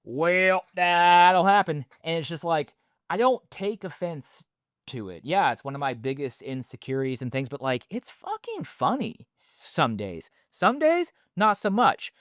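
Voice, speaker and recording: A man's voice: on the high side, wildly swooping pitch, moderate pace, no room sound, studio quality. A man in his thirties with a stutter, hosting a casual podcast monologue in a rambling, loose way full of fillers. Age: 30s. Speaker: podcast host.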